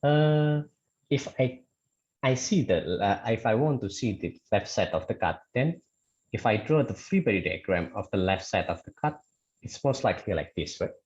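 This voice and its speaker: Male lecturer, low expressive voice, halting with fillers, dull video-call sound. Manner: hesitant, many fillers and restarts, checks with "okay". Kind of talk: online statics lecture.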